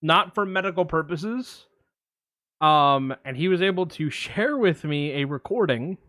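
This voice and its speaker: A man co-hosting a podcast, telling a story in a casual, animated way with lots of fillers. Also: a little high, unhurried, dry recording, clean studio sound. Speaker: podcast co-host. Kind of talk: casual chat.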